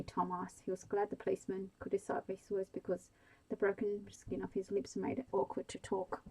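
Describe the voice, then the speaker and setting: A woman narrating a bedtime story in a slow, calm, soft-spoken manner. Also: mid-range voice, slightly rough, rough recording.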